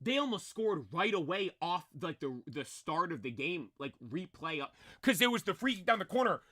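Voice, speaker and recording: A man's voice: high-pitched, sing-song, moderate pace, bright, forceful tone, no room sound, clean studio sound. A young man telling a story with lots of energy, rambling with many fillers and restarts, his voice a little strained from screaming. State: voice nearly lost from screaming. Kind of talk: excited storytelling.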